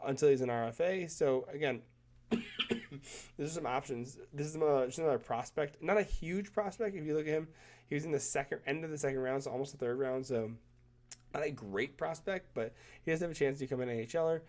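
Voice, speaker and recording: A man's voice: fairly high pitch, fairly quick, a little mellow. A man with a cold and a stuffed-up nose, talking casually and enthusiastically through stats on screen, often restarting his sentences. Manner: rambling, self-correcting, enthusiastic. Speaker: hockey commentator. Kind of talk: casual screen-share commentary.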